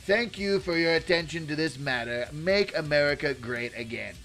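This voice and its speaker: A man's voice: on the high side, expressive, moderate pace, pushed and bright, faint music behind. A man putting on an impression of a boastful older male president, reading a ranting statement aloud.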